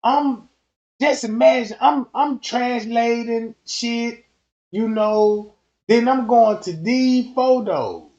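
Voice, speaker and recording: A man's voice: extremely high pitch, slow, a little mellow, highs cut off. A man hosting a casual commentary stream, slangy and emphatic, repeating himself as he builds up his points. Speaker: YouTube commentator.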